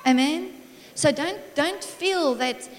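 A woman's voice: high-pitched, takes it slowly, a little hiss or hum. Encouraging woman preaching in an echoing hall. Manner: warm, encouraging, lively storytelling with frequent laughs. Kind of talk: sermon. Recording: long reverb of a large hall.

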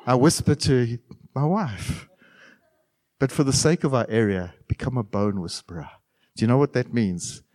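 A middle-aged man preaching a sermon as pastor, animated, with sudden loud bursts and quiet asides. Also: medium pitch.

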